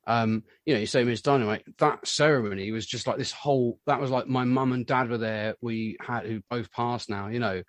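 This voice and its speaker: A man in a casual interview, a musician who rambles through his stories with lots of asides. His voice sits mid-range and sounds close and dry. He gets animated whenever he quotes other people. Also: medium pitch, fairly quick, few pauses, dry recording. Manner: rambling storyteller, animated when quoting others. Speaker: musician guest.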